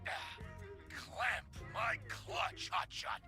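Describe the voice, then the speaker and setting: An actor voicing a brash game character, a male mine foreman talking over the radio in a folksy drawl full of colorful slang. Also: drawn-out words. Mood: exasperated. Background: game music.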